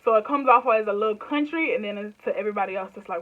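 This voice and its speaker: Talking very fast in a mid-range voice, this YouTuber in her twenties chats casually to camera with a Southern US accent. Her phrasing is loose and rambling, she laughs often, and the sound is phone quality.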